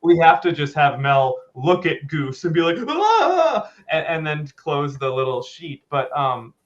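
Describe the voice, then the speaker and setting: A man's voice: a little high, fairly even intonation, moderate pace, lo-fi sound. A man co-hosting a casual film podcast, rambling and hesitant with a jokey streak. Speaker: podcast co-host.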